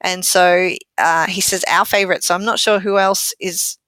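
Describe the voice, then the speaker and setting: A woman's voice: fairly low pitch, steady tone, moderate pace, a bit bright, dry recording. A woman co-hosting a podcast, chatting casually, teasing her co-host and laughing often. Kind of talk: casual chat.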